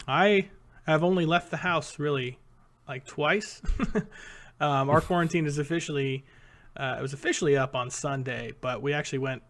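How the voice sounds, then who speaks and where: Male co-host, thirties, mid-pitched, rambling and hesitant, casual talk. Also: a bit bright. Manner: rambling, hesitant, many fillers. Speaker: podcast co-host. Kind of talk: casual podcast chat.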